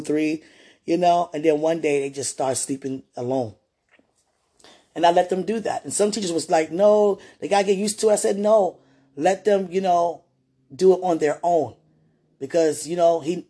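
A woman who used to be a childcare teacher, chatting casually in an interview and telling lively stories with frequent laughter. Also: lowish voice, husky. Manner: chatty, laughs often, animated retelling.

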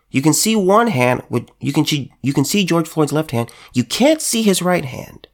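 A man's voice: on the high side, very animated, normal speed, few pauses. Heated man with stumbling restarts. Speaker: political commentator. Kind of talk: emphatic monologue commentary.

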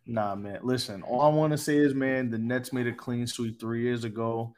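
A man co-hosting a sports podcast, loudly roasting a team with profane, mocking banter. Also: mid-range voice, fairly even intonation, moderate pace, hardly any pauses. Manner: loud, profane trash talk with mock voices. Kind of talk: heated casual sports banter.

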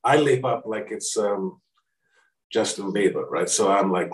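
Animated man telling a story. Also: unhurried. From Australia. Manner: animated, acts out quoted voices with pitch jumps. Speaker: speaker. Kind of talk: anecdotal storytelling. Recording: echoey room, distant mic.

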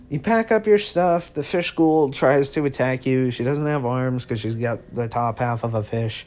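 A man's voice: mid-range voice, moderate pace, hardly any pauses, darkish tone, soft background music. A man hosting a podcast and telling a comedic story in second person, rambling, cursing and cutting himself off. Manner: rambling, profane, self-interrupting. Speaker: podcast host.

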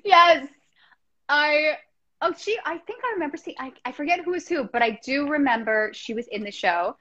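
A woman's voice: high-pitched, expressive, moderate pace, sharp tone. A woman hosting a podcast, chatting in a bubbly, gushing way and laughing often. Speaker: podcast host. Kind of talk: casual chat. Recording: dull, slightly muffled sound.

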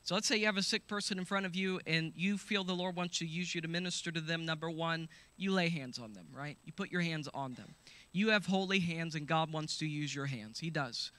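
A man preaching a sermon, reading scripture aloud, calling out hallelujahs and shouting the healing commands. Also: fairly high pitch, brisk. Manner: calls out to the congregation with hallelujahs.

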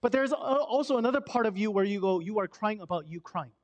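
A man preaching a conversational sermon with rhetorical questions, swinging between loud emphasis and a soft hush. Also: sits high, lively intonation, fast talker, muffled recording. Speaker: pastor.

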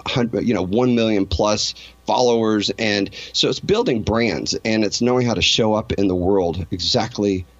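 A man's voice: fairly low pitch, moderate pace, few pauses, dry recording, dull audio. A man being interviewed, telling a personal story in an earnest, emotional way and often restarting his sentences. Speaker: interview guest.

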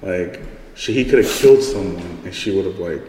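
A man's voice: low voice, moderate pace, a little mellow. Rambling young man telling a story. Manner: rambling, heavy use of "like" and swearing. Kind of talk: casual storytelling. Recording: echoey room with long reverb, faint noise.

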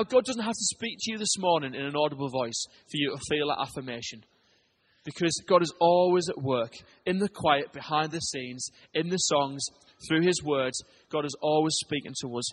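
A man preaching a sermon to his church, telling stories and swinging between loud urgent lines and hushed ones. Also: a little high, expressive, moderate pace, slight background noise. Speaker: pastor.

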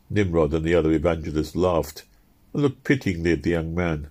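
A man narrating an audiobook in a measured, expressive storytelling manner. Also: low voice.

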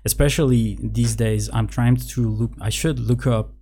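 A father chatting casually, halting often with fillers and restarts. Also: medium pitch, fairly even intonation, warm tone. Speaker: parent, podcast co-host. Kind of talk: casual chat.

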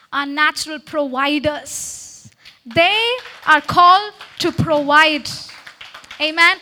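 A woman's voice: very high-pitched, bright, forceful tone. A woman giving a sermon-style talk to a congregation into a handheld mic, exhorting the listeners and checking in with them again and again. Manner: exhorting, with frequent "Okay?" call-and-response. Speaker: speaker at a church meeting. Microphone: handheld microphone.

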